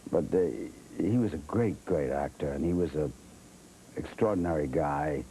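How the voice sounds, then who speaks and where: Older man with a deep, mellow voice. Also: normal speed, a little hiss or hum, poor audio. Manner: wry, self-deprecating, acts out other people's words. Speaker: guest. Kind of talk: anecdotal storytelling in a TV interview.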